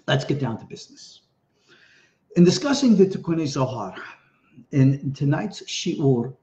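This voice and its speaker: A man's voice: a little high, a little mellow. American rabbi guy rambling and chuckling thru a torah class, echoey room, kinda muffled. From United States. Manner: chatty, digressive, chuckling. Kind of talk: informal Torah lesson. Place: home studio in Tennessee. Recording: roomy, dull-sounding room recording.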